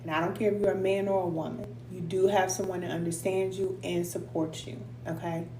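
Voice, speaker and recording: A woman's voice: lowish voice, flat delivery, brisk, mellow. A middle-aged woman hosting a casual live stream, talking informally with viewers, laughing often and reading out their comments. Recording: echoey room with faint hum.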